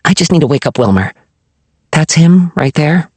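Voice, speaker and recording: A man reading aloud and voicing a nervous young orphan girl with a hesitant, squeaky manner. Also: sing-song, normal speed, a little mellow, husky, no echo.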